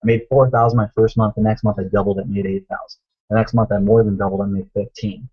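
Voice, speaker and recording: Husky-voiced man giving a pep talk. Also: fairly low pitch, little pitch movement, quick pace, dull audio. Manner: emphatic, repeats phrases, addresses viewers as guys. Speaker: online business coach. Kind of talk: motivational live stream talk.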